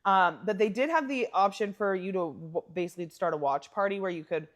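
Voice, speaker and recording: A woman co-hosting a podcast in casual chat, telling stories with lots of laughter and animated asides. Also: medium pitch, fairly quick. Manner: animated storyteller, laughs often, acts out quoted lines. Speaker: podcast co-host.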